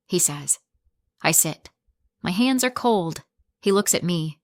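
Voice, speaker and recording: A woman narrating a graded English reader story in the first person, with slow, clear, simple phrasing for learners. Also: on the low side, lively intonation, a bit bright, no room sound, studio quality.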